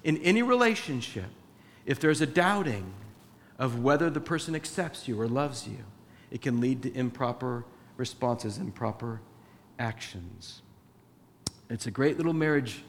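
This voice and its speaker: A man's voice: mid-range voice, lively intonation, a little slow, long pauses, slight background noise. A man preaching a sermon in a church, conversational, acting out little dialogues. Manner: conversational, acts out dialogue with his wife. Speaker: pastor. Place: church with a sound booth. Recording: reverberant church hall.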